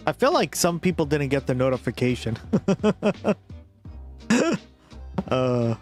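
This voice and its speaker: A man's voice: mid-range voice, big pitch swings, takes it slowly, pauses often. A man with a Boston accent streaming live, reacting to a video and talking to his chat in a loose, swearing style. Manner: chatty, talks to his chat, swears casually. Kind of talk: casual live-stream commentary. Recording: faint music behind.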